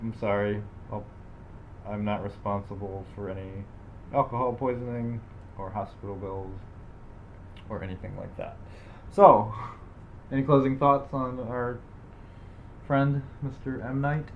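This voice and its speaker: Young man, podcast co-host, low voice, rambling casual chat, dull lo-fi sound, faint hiss. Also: level tone, measured pace, long pauses. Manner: rambling, filler-heavy, self-deprecating.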